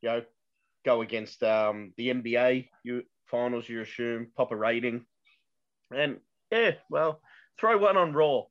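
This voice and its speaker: A man's voice: mid-range voice, unhurried. A man making wry, jokey remarks as a co-host of a wrestling podcast. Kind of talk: casual chat. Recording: dull lo-fi mic.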